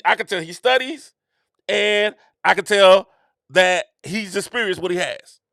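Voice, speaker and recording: A man hosts his own show in a slangy, emphatic riff. His voice sits high and swings widely in pitch, with a bright, tense edge, recorded dry and close. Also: no room sound. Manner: repetitive, emphatic, slangy and conversational. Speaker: show host. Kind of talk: casual commentary monologue.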